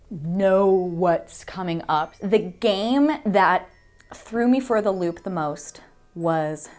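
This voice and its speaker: A young woman, a voice actor, chatting casually in an interview, gushing and excitable, her voice leaping high when she gets worked up. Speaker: voice actor guest. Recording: faint music underneath.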